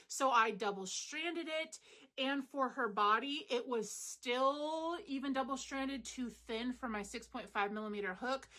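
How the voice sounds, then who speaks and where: A woman's voice: a little high, sharp tone. A woman hosting a crochet channel, rambling in casual, meandering chat full of fillers, at home. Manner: chatty, meandering, lots of fillers.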